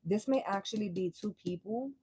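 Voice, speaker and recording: Young woman, tarot reader on a live stream; mellow, slangy, swears freely, dry close sound. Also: mid-range voice, normal speed, slightly rough, dry recording, poor audio. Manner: blunt, profane, slangy and laughing. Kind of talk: casual live tarot reading.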